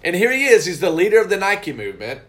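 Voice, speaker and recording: A man chats casually and bluntly, his voice swinging up and down with emphatic, indignant stresses. His voice sits a little high for a man. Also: very animated, fast, over a noisy crowd. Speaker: co-host. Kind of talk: casual reaction chat.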